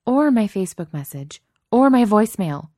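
A woman's voice: medium pitch, unhurried, warm tone, no echo, studio quality, voice pushed up, natural voice. A woman voicing a worried, exasperated teenage girl who talks bluntly and swears.

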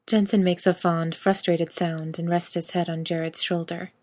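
A woman narrating a story aloud in a steady audiobook reading. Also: on the low side, normal speed, few pauses.

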